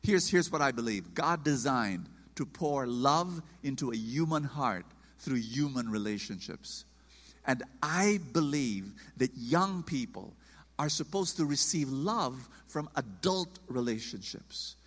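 Man, sermon, animated, emphatic, bright tone, long hall echo. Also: mid-range voice, a little slow. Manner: animated, emphatic, acts out quotes. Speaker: preacher.

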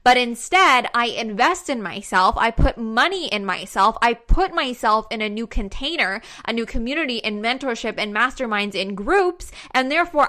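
A woman's voice: a little high, pushed and bright. A young woman giving an emphatic, fired-up motivational talk to her followers, repeating herself for punch and swearing casually.

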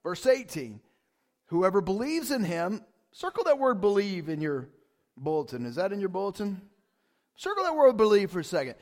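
High-voiced, animated male pastor preaching. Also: moderate pace. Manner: conversational, keeps asking "right?"; animated, rises loud for emphasis. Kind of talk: casual sermon.

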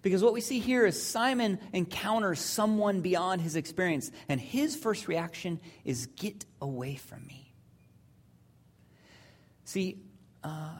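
A pastor giving a sermon in a conversational, storytelling way, sometimes with hesitant fillers, and dropping to a hush at serious points. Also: mid-range voice.

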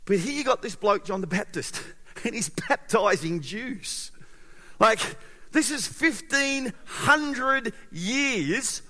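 A male pastor preaching a sermon in an animated way, with sudden loud emphasis and quiet, close passages. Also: very high voice, slow. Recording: long hall reverb.

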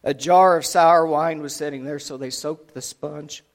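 A man preaching a sermon, retelling a scripture story dramatically, swinging between loud and hushed delivery. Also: a little high, steady tone, measured pace.

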